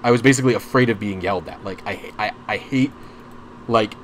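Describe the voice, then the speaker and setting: A man's voice: fairly low pitch, a little fast, slight background noise. Rambling young man telling a story. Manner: rambling, full of restarts and asides; openly anxious and frustrated as he recounts. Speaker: streamer. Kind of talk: casual storytelling chat.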